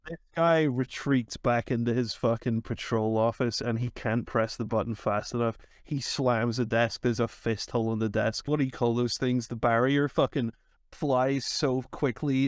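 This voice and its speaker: A man's voice: medium pitch, normal speed, dry recording, studio quality. Man narrating a sweary improvised scenario. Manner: lively, sweary narration of the scene. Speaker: podcast co-host running the scenario. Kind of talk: casual improvised storytelling chat.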